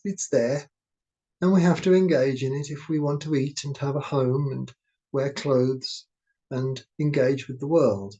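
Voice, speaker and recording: A man guiding a meditation, speaking in a slow, gentle, soothing way. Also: fairly high pitch, highs cut off. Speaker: meditation teacher. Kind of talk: guided meditation talk.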